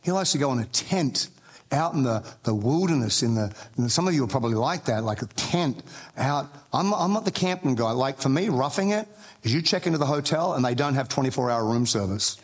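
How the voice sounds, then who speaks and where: A man's voice: mid-range voice, expressive, a little fast. A man preaching a sermon as pastor, telling jokey family stories with frequent restarts and building emphasis when quoting scripture. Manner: humorous storytelling with frequent restarts.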